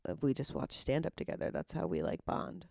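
A woman's voice: a bass voice, sing-song, brisk, vocal fry, a little mellow, no echo. A young woman in her twenties, a podcast guest telling candid stories in a loose, casual way, with lots of "like" and dry humor. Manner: candid storytelling with heavy filler "like", dry humor.

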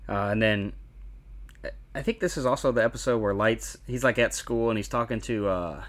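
A man casually chatting on a podcast, calmly summarizing plot points with plenty of uhs and likes. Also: on the low side, a little fast. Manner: relaxed, plot-summarizing with lots of fillers. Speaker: podcast co-host. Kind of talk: casual chat recapping an anime.

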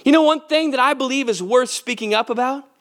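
A man's voice: very high-pitched, brisk, a bit bright. A male pastor giving a sermon, earnest and conversational, often putting direct questions to the congregation.

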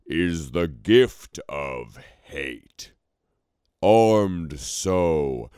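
A man doing a deep, rumbling brute warlord. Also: a little mellow, dry recording, clean studio sound, full character voice. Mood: menacing. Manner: rumbling, slow and deliberate. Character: hulking brutish male warlord of the north.

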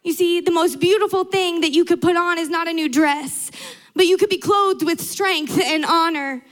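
Young woman preacher, high bright voice, earnest sermon with repeated emphatic lines. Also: normal speed.

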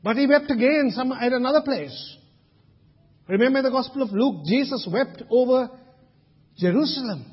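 A man's voice: very high voice, lively intonation, normal speed, long pauses, husky. A man from Sri Lanka preaching a sermon in a large church hall, emphatic, with rhetorical questions. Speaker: pastor. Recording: dull lo-fi sound with long hall reverb.

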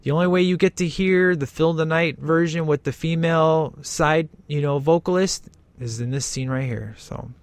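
A man's voice: fairly high pitch, moderate pace, clean tone. A man giving casual, jokey, enthusiastic commentary while watching a movie.

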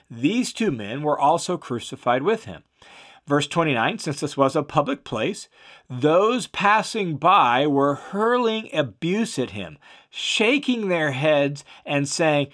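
A man's voice: fairly high pitch, a bit bright. A man teaching through a Bible passage, reading each verse aloud and then explaining it with emphatic repetition and some "uh" fillers. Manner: emphatic, repeats key phrases for stress.

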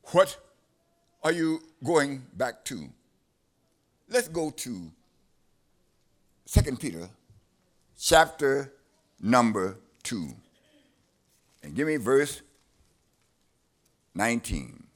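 A man's voice: mid-range voice, very animated, drawn-out words, long pauses. A man preaching a sermon, emphatic and repeating his phrases, trading lines with a scripture reader.

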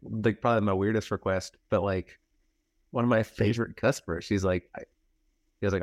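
A man's voice: low voice, fairly quick, dry recording. A man co-hosting a podcast, telling stories in a laid-back way, full of "like.". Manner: laid-back storyteller, hedges with "like". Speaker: podcast co-host. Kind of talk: casual chat.

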